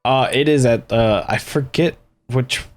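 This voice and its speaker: A man's voice: medium pitch, measured pace, a little hiss or hum. A man co-hosting a video game let's play, talking casually and hesitantly, searching for words with lots of fillers. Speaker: co-host of a gaming let's play. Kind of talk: casual chat while playing.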